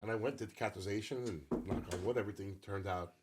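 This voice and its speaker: Against a noisy background, a man in his fifties with a fairly low voice and quick pace co-hosts a podcast, rambling through a long story and swearing freely in casual talk.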